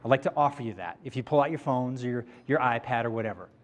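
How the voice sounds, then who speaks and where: A man giving a live motivational talk to an audience, animated and interactive, slowing down to stress key points. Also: mid-range voice. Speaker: motivational speaker. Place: event room before a live audience.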